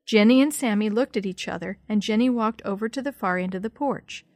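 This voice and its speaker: A woman narrating a children's story in a steady, clear read-aloud style. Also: mid-range voice, fairly quick, dry recording.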